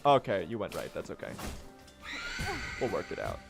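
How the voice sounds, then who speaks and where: A man's voice: low-pitched, huge pitch swings, normal speed, gravelly, faint music behind. A man in his twenties chatting casually and swearing while streaming a game speedrun. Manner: chatty, joking, swears often.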